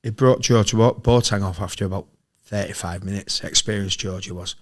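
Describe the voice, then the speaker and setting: A middle-aged man from England, a former footballer and podcast guest, telling sweary, animated anecdotes in casual chat. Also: fairly low pitch, a little fast. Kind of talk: casual storytelling.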